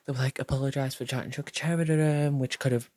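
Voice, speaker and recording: A man's voice: mid-range voice, quick pace, dry recording. A young man telling a dramatic storytime vlog, swearing a lot and acting out what others said. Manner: animated, profane, acts out quotes in voices. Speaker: vlogger.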